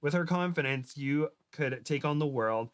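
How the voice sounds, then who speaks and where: A man hosting a comedy podcast, reading fan fiction aloud with stumbles, giggles and quick shifts into character voices. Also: a little high, clear, resonant tone.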